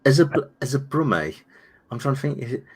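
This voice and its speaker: A man with a Birmingham accent, hosting a casual live stream chat, animated and repeating his words. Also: medium pitch, fast talker, husky. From Birmingham, England. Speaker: channel host.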